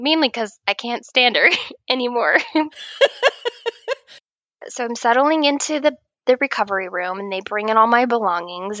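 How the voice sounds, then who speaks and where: A woman in her thirties tells a wild story in a lively, laughing way. Her voice sits a little high, and she slips into loud acted-out lines. The sound is dry and close. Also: no echo, dull audio. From Oregon. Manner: animated, laughing, acts out her own shouting. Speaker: guest writer. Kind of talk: casual storytelling chat.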